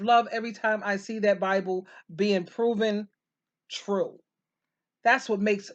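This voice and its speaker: A woman's voice: mid-range voice, muffled recording. A woman co-hosting a casual chat, cheering the host on and quoting scripture. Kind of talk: casual chat with faith talk.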